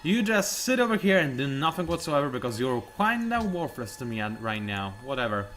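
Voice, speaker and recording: A male let's play commentator from Poland, a native Polish speaker, gives casual gameplay commentary in a lively, bright, mid-range voice that runs a little fast. He rambles, stays wry and sarcastic, and says "whatever" often.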